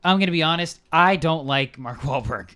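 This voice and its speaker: Blunt young man with a smooth voice. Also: a little high, expressive, normal speed, pushed and bright. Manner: blunt, opinionated. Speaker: podcast co-host. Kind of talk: casual film review chat.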